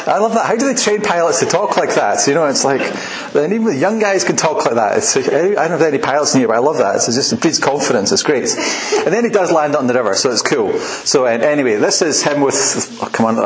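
A man preaching a sermon in a relaxed, chatty way, often laughing at his own asides. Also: fairly high pitch, roomy sound, poor audio. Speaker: pastor.

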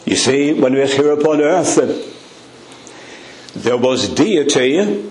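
A man preaching a sermon in a church, with dramatic pauses and a voice that drops low on repeated refrains. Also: animated, a little mellow, slight background noise. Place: church hall. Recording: echoey church sound.

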